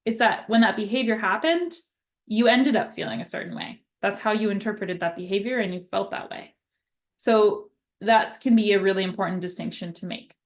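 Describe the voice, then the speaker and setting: A woman's voice: mid-range voice, fairly quick. A young woman occupational therapist explaining communication skills in a casual, conversational way, often checking in with "right?" and acting out example phrases.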